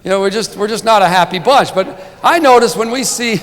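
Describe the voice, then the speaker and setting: A man with a fairly high voice tells a wandering, funny story from a banquet podium. He keeps checking in with the crowd with quick asides. The hall behind him carries a long, trailing reverb. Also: fairly bright tone. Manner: chatty comic storytelling, frequent "right?" asides. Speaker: sportswriter giving an award speech. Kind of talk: humorous banquet speech.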